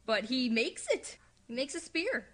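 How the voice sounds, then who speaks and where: A woman on a film podcast, softly recounting a scene and quoting the characters. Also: high voice, expressive, measured pace. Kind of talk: casual film discussion.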